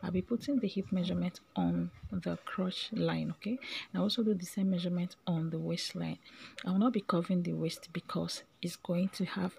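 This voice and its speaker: A woman's voice: fairly low pitch, steady tone, brisk, creaky, darkish tone, slightly rough. A woman giving a casual step-by-step sewing tutorial, chatty and often checking in with "okay?", her voice breaking into a whisper at times.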